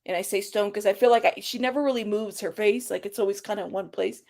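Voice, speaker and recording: A woman's voice: medium pitch, fairly even intonation, fast, vocal fry, hardly any pauses, a little mellow. A woman hosting her own commentary channel, talking bluntly and sarcastically and swearing freely. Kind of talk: casual commentary.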